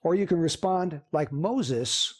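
A man's voice: fairly high pitch, animated, takes it slowly, breathy edge. A man preaching a sermon as pastor, earnest and emphatic, with repeated phrases.

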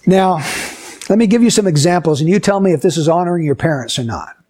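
Male Bible teacher, high voice, talks to kids and acts out little scenes as examples. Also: lively intonation, fast talker, a little mellow. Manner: asks the listeners questions and acts out short scenes. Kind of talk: Bible lesson for children.

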